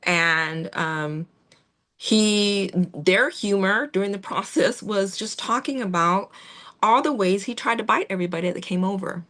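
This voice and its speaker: A woman giving a gentle, reassuring training talk to veterinary staff, with fillers and restarts. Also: medium pitch, measured pace. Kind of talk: instructional talk on client communication.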